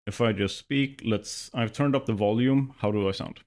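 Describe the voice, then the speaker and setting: A streamer with a slight lisp tests his mic on a livestream, muttering to himself while adjusting settings. His voice is on the low side and darkish, at a moderate pace.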